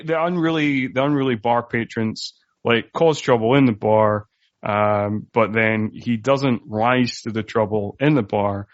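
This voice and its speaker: A man's voice: medium pitch, no echo. A man co-hosting a podcast in casual chat, sharing trivia and often restarting his sentences. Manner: chatty, shares trivia with hesitant restarts. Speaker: podcast co-host. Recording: dry, slightly dull audio.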